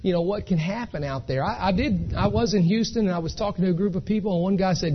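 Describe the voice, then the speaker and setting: A man's voice: high-pitched, fast, hardly any pauses, lo-fi sound, a little hiss or hum. A man gives a folksy, chatty talk to an audience, telling stories and keeping to check in with "okay?". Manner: chatty, storytelling, keeps asking "okay?". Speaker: speaker at an identity theft seminar. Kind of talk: folksy live presentation to an audience.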